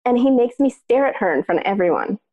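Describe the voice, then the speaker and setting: A woman co-hosting a podcast, telling a personal story in casual chat, lively and peppered with "like", acting out what others said. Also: a little high, fast talker, narrow, tinny audio. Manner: animated, acts out other people's lines in the story; frequent filler "like". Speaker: podcast co-host.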